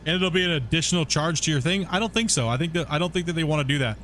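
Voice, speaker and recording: A man's voice: a little high, rapid-fire, a bit bright, slight background noise. A man streaming a game, chatting casually in a rambling, blunt way and swearing when annoyed. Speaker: gaming streamer. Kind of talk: casual chat.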